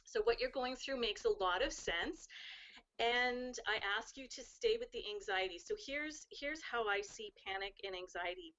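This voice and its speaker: Earnest woman giving calm advice. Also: a little high, normal speed, muffled recording. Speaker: guest speaker on wellbeing. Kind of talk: casual advice chat.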